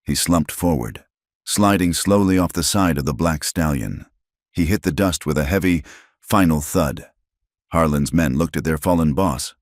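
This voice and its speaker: Very deep-voiced male story narrator. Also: moderate pace, no room sound, clean studio sound. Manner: steady, dramatic storytelling. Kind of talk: scripted narration.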